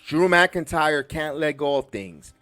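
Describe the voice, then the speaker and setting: A man from the Bronx hosting a podcast, reviewing a wrestling show in a rambling, excitable way full of restarts. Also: fairly high pitch, takes it slowly, no room sound, soft background music. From the Bronx, New York. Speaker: podcast host.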